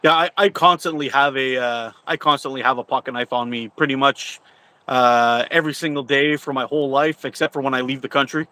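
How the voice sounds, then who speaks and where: A man's voice: medium pitch, a little fast, bright, forceful tone. A man chatting on a live stream who laughs often and hesitates with many "uh"s. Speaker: livestream co-host. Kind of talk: casual live chat.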